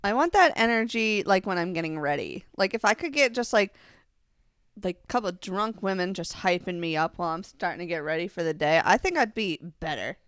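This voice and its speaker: A woman's voice: fairly low pitch, lively intonation, fairly bright tone, clean tone, no room sound. A woman in her twenties co-hosting a podcast, chatting eagerly and often chiming in with agreement. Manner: enthusiastic, agreeable, quick back-channel replies. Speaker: podcast co-host. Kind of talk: casual chat.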